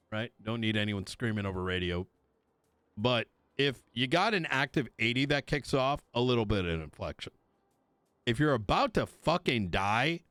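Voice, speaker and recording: A man speaks as a police chief running a roleplay briefing, blunt and heavy on profanity. His voice is mid-pitched and recorded close and dry, with no room around it. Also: a bit bright, no echo. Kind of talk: streamed roleplay meeting speech.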